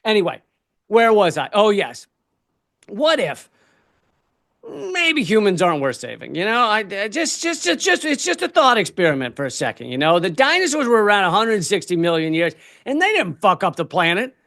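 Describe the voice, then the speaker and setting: Give me a high-pitched male comedian ranting exasperatedly through a stand-up set. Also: huge pitch swings, normal speed. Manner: ranting, exasperated, profane, bursts into shouts. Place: convention stage.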